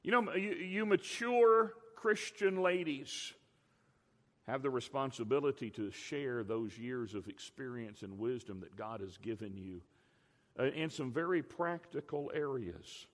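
A middle-aged man preaching a sermon, telling stories with emphatic swings between loud and quiet. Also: medium pitch, a little slow. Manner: animated storytelling, emphatic swings in loudness. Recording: long reverb of a large hall.

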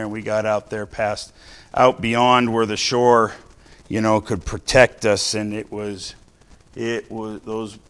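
A middle-aged man preaching a sermon, telling a story from his own life and slowing down to stress key lines. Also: fairly low pitch. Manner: storytelling, varies loudness, slows for emphasis.

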